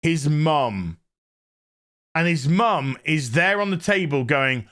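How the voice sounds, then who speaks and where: A man's voice: on the high side, animated, slow, pushed and bright, smooth. An older man giving comedic, irreverent commentary on a reality show, mocking it and laughing often. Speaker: YouTube commentator.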